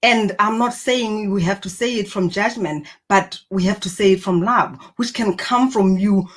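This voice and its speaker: A woman's voice: mid-range voice, normal speed. Woman, motivational talk, earnest, encouraging, reflective. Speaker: personal growth speaker.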